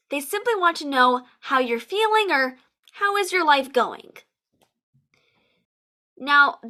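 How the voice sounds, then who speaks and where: An American woman, an online English teacher, giving a lively to-camera lesson and acting out sample phrases with emphasis. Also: sits high. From United States.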